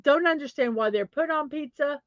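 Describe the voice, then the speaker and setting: A woman's voice: high-pitched, normal speed, dry recording, highs cut off. A middle-aged woman with a Southern accent hosting a casual daily show, laughing at herself and apologizing as she stumbles. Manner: giggly, self-deprecating, stumbles and apologizes. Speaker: host of a daily positivity show. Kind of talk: casual solo chat.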